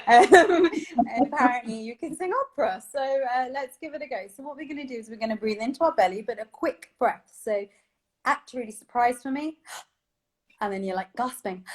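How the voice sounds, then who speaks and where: A woman with a slightly high voice leads a breathing lesson. She is encouraging and instructive, and she laughs easily between steps. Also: a little mellow. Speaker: vocal coach. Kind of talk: guided breathing exercise.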